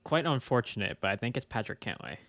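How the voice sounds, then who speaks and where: A man's voice: mid-range voice, very animated, fast, a bit bright, slight background noise. A young man co-hosting a podcast, speaking in an easygoing way with frequent "I mean" and "you know". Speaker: podcast co-host. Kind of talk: casual sports chat.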